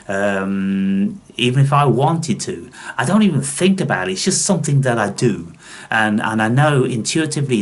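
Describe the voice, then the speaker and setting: A man speaks to his channel's viewers in a long, blunt rant. He swears constantly and sounds scornful of anyone who expects his respect. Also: medium pitch. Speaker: spiritual video channel host. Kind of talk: ranting monologue to viewers.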